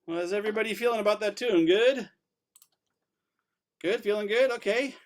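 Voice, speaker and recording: A man's voice: sits high, moderate pace. A man teaching an online fiddle lesson, upbeat and encouraging, explaining bowing and counting the class in.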